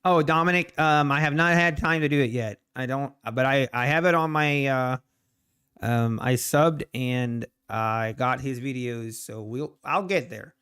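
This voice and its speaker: Casting note: man, live trading streamer, unhurried delivery, clean resonant tone, a bit high-pitched. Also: fairly bright tone, smooth. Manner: rambling, talks to the market and to chat viewers. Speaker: trading livestream host. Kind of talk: casual live commentary while trading.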